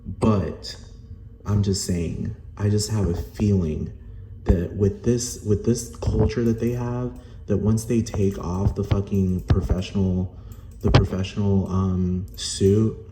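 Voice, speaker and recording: A man's voice: on the low side, steady tone, measured pace, background noise. A man from Rico, a Spanish speaker, ranting angrily and profanely to camera with lots of "like". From Puerto Rico. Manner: profane, heated, fillers of "like". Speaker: vlogger. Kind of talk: angry rant to camera. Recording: roomy echo.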